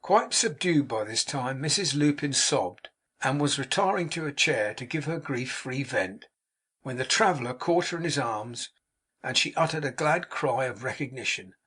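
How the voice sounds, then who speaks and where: Brief: male audiobook narrator, husky, mid-pitched, measured storytelling. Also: expressive, pushed and bright. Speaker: audiobook reader.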